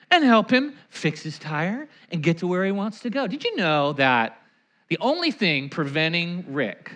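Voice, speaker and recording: A man preaches with a high, bright voice that swings widely up and down. He tells stories and acts out the people in them. He calls on his listeners to repeat lines back to him. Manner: animated, acts out anecdotes and quotes; leads the congregation in call-and-response. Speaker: pastor. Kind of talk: sermon.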